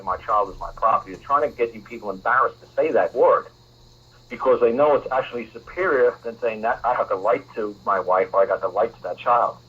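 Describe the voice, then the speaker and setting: A man's voice: medium pitch, fairly bright tone, breathy edge. A man hosting a talk radio show, lecturing a caller in an emphatic, repetitive way. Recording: muffled lo-fi radio broadcast.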